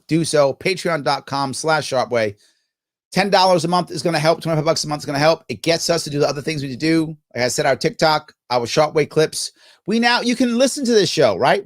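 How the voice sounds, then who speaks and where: A man hosting a live stream, chatting casually and answering viewer comments. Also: on the high side. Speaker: host.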